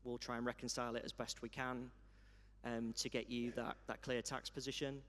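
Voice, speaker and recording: A man on a conference panel, explaining his company's software in a plain, matter-of-fact way. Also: mid-range voice, little pitch movement, brisk. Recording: reverberant conference hall.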